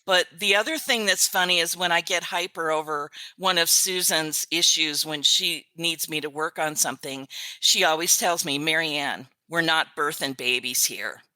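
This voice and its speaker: An older woman talks in a low-pitched but bright voice, recorded close and dry. She chats easily as a guest and tells her stories with frequent laughter. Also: no echo. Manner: chatty storyteller, quick to laugh. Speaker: author's virtual assistant, guest. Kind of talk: casual interview chat.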